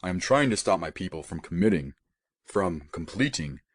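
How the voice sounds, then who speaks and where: Guy doing a calm fatherly alien dude, deep and soothing, husky. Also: normal speed, no room sound. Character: calm fatherly alien man posing as a dad.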